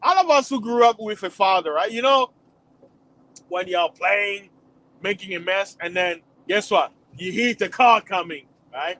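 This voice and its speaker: A man's voice: high-pitched, a little slow, a bit bright, low-quality recording. A man delivering a preachy religious warning monologue to his channel, repeating himself and rising to emphatic peaks. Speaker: channel host.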